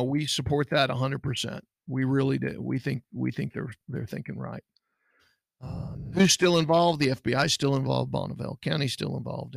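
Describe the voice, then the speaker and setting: A middle-aged man hosts a podcast with a gravelly, creaky voice. He talks in a folksy, earnest way and often restarts his sentences. The sound is close and dry. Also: mid-range voice, no echo. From Texas. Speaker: podcast host, private investigator. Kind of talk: casual podcast talk.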